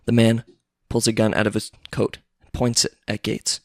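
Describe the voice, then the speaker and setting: A man's voice: fairly low pitch, monotone, normal speed, no echo, studio quality. A man casually reading a screenplay aloud, narrating scene by scene with offhand asides. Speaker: reader.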